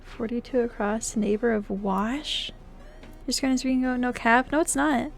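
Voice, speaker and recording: A young woman streaming live, chatting casually with her viewers, playful and laughing, swinging between loud outbursts and quiet mumbling. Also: on the high side, steady tone, measured pace, vocal fry, soft background music. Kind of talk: casual live-stream chat while playing games.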